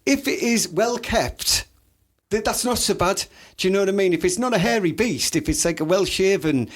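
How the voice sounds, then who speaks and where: A man's voice: high-pitched, normal speed. A man with a Teesside accent co-hosting a podcast, chatting in a teasing, laughing way. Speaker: podcast co-host. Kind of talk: casual chat.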